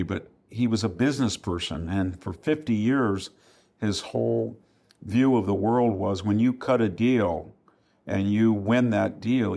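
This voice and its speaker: A man's voice: lowish voice, vocal fry, darkish tone, slightly rough. An older man, a historian guest in a podcast interview, arguing emphatically and fluently and acting out quoted asides.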